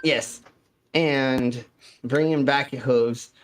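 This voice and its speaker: A man's voice: mid-range voice, fairly even intonation, drawn-out words. A man hosting a casual stream, joking around and rambling with frequent restarts. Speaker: stream host. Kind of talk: casual drinking-stream chat.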